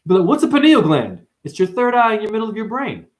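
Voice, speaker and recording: A man giving a rambling spiritual livestream monologue, profane and full of sudden jumps in pitch. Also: very animated, brisk. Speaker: spiritual vlogger.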